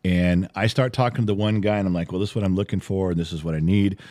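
A middle-aged man co-hosting a podcast, telling a story in casual chat, animated and swearing freely. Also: low voice, quick pace. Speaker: podcast co-host, father.

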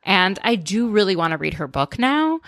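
A woman's voice: medium pitch, big pitch swings, normal speed, vocal fry, fairly bright tone, no room sound, studio quality. A woman co-hosting a casual podcast, chatting thoughtfully about a reality show and often trailing off mid-sentence. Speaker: podcast co-host. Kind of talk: casual reality TV recap chat.

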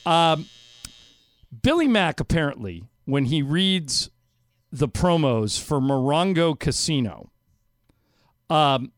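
A man hosting a sports radio show, chatting casually with halting restarts. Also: a little high, lively intonation, no echo.

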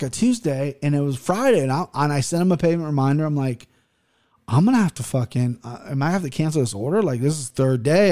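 A man in his thirties rambles through a casual podcast chat, his voice sitting a little higher than most men's. He swears freely and trips over restarts as he talks. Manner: profane, rambling and animated, with frequent restarts. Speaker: podcast host.

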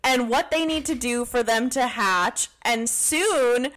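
A woman's voice: a little high, takes it slowly, fairly bright tone. A woman co-hosting a podcast in casual chat, giggling and recapping the episode. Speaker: podcast co-host.

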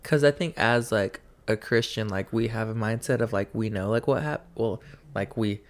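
A young man chatting casually, rambling and halting with lots of fillers. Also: lowish voice. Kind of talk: casual chat.

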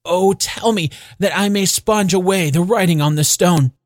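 A man's voice: a little high, big pitch swings, moderate pace, a bit bright, dry recording, studio quality. A man voicing an elderly repentant miser, talking in fervent, breathless exclamations for an audiobook. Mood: pleading. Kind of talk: audiobook character reading.

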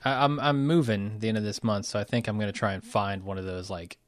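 A man's voice: fairly low pitch, fairly even intonation, fast, no room sound. A man co-hosting a casual movie-review podcast, joking dryly and stammering a little. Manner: dry, jokey, with some stammering. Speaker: podcast co-host.

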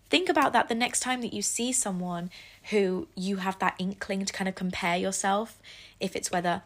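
A woman's voice: mid-range voice, fairly even intonation, a little fast. Young woman on her solo podcast, earnest and encouraging, pokes fun at herself. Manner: earnest, encouraging, self-deprecating asides. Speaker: podcast host.

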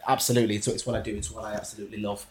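A man, a singer, chatting as an interview guest, telling animated stories with frequent restarts. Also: fairly low pitch, rapid-fire. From Ireland. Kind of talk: casual interview chat.

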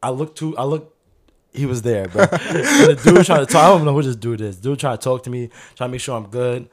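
A man telling a story in casual chat, animated and slangy, acting out other people's voices and laughing often. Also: medium pitch, a little fast, a crowd in the background.

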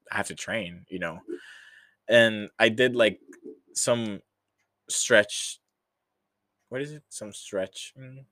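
Slow, low-voiced young man rambling. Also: a bit bright, no room sound, studio quality. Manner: rambling, many fillers, chuckles at own stories. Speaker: podcast host. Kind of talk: casual solo chat.

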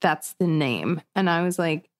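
A woman's voice: sits low, a little slow. A young woman telling a story casually, laughing often and acting out what people said. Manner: animated, laughs often, acts out quotes. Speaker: storyteller guest.

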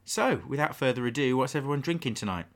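A man's voice: medium pitch, lively intonation, fast talker. Male podcast host, casual banter, average voice. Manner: chatty, jokey, thanks guests.

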